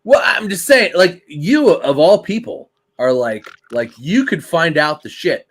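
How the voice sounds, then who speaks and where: A wrestling podcast co-host tells family stories in a casual chat, swearing freely and narrating with animation. His voice is fairly high in pitch and a little slow.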